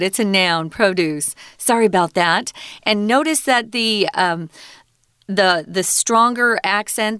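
Female English teacher, casual lesson, clear resonant tone, unhurried explanations. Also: medium pitch, fairly bright tone, no echo, studio quality. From Arizona, USA. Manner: explains words slowly, chatty asides. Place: lives in Taiwan.

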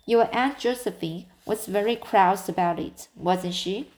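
A woman reading the part of a spirited girl, the heroine's best friend, lively and gossipy. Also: medium pitch, measured pace, close to an everyday voice.

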